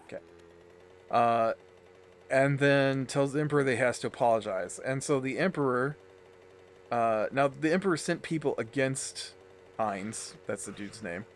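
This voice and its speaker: A man's voice: medium pitch, moderate pace, a little hiss or hum. A man hosting a let's play, rambling in a chatty way with lots of fillers and restarts while he plays. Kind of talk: casual gameplay commentary.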